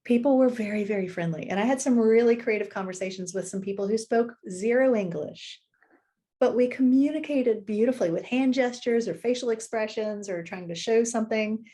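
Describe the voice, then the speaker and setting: Animated middle-aged woman telling travel stories. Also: fairly high pitch, a little fast. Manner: animated, laughs easily. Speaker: podcast guest. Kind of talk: casual storytelling chat.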